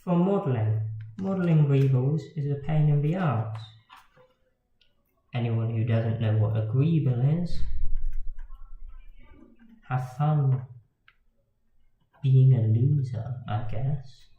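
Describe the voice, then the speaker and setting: A miniatures hobbyist streams himself drawing, chatting casually, rambling, and swearing in a self-deprecating way. His medium-pitched voice is slow and full of pauses, and the audio is roomy, dull, and lo-fi with faint noise.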